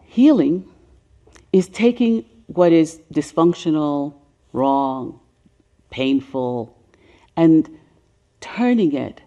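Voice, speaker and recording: A woman of about seventy with a deep voice gives a seminar presentation on racial healing. She speaks softly and sinks to a whisper on emotional points. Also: lively intonation, slow, long pauses. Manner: soft-spoken, sinking to a whisper on emotional points.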